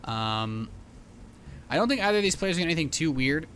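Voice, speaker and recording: A man casting a live match in a bright, forceful voice that sits a little high. He talks in a chatty, rambling way, full of fillers and restarts, with faint noise behind him. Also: very animated, a little fast. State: hiccups. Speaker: esports caster. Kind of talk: live game commentary.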